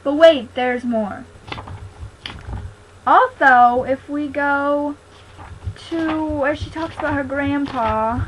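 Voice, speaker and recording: A woman's voice: high voice, takes it slowly, pauses often, slight background noise, rough recording. A young woman chatting casually in a video diary, bouncy and self-conscious. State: out of breath. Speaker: vlogger.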